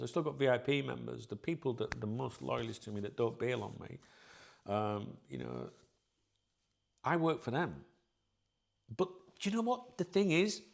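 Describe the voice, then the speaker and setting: A man's voice: mid-range voice, creaky. A middle-aged man, hosting his own channel and talking bluntly and candidly to his viewers, sweary and rambling. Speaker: channel host.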